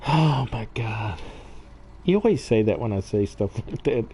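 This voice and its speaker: A man's voice: fairly low pitch, expressive, unhurried, warm tone, slight background noise, low-quality recording. A man hosting a casual gaming livestream, laughing often and reading chat aloud. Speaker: livestream host.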